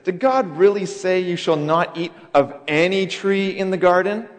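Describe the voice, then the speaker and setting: A man's voice: high-pitched, normal speed, pitched above the performer's own voice, lightly acted. A man voicing the devil as a scheming tempter who asks mock-innocent questions, in an echoey hall. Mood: sly.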